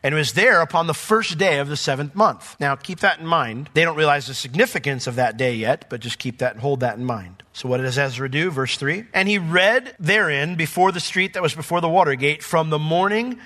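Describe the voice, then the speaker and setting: A pastor with a fairly high voice preaches a sermon fairly quickly, barely pausing. He reads scripture aloud and explains it verse by verse, swinging from quiet asides to raised, emphatic points.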